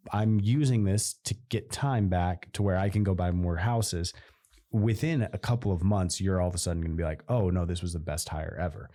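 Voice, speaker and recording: A man's voice: on the low side, dark tone. A man co-hosting a podcast, chatting casually and rambling about running a business, often restarting his sentences. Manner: rambling, self-interrupting, playful. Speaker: podcast co-host.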